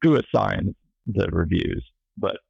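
Deep-voiced man, dry jokes, dull mic. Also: a little slow, creaky, husky, no echo. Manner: dry joking, rambling with restarts. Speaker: podcast guest, gun reviews editor. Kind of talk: casual podcast interview.

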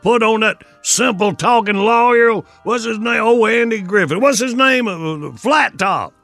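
A man's voice: high-pitched, unhurried, vocal fry, a bit bright, no echo, soft background music, full character voice. A man with a Southern accent voicing a grumpy, sarcastic retired lawyer in his later years, bickering with his wife in a radio sketch. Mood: grumbling.

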